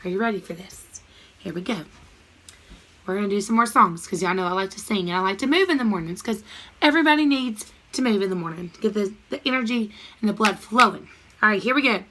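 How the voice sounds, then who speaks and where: A woman's voice: medium pitch, quick pace, fairly bright tone. A woman teaching an online math lesson to young children, cheerful and sing-song, breaking into short rhymes.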